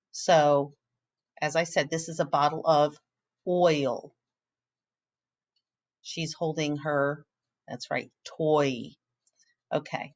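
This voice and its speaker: A woman with a low voice teaching a recorded phonics lesson. She speaks slowly and patiently, and she often pauses to encourage her pupils.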